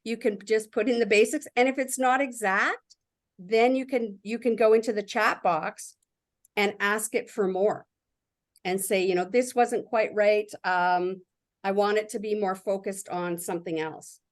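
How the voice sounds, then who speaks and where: A woman's voice: medium pitch, fairly even intonation, unhurried. A woman giving a casual workshop walkthrough, reading her prompts aloud and talking about the results with enthusiasm. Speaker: workshop presenter.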